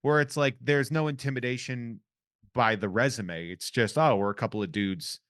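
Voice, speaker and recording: A man's voice: mid-range voice, moderate pace, fairly bright tone, clear, resonant tone. A man hosting a podcast in casual chat, talking in loose, rambling sentences with lots of restarts. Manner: rambling, full of restarts and 'like' fillers. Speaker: podcast host.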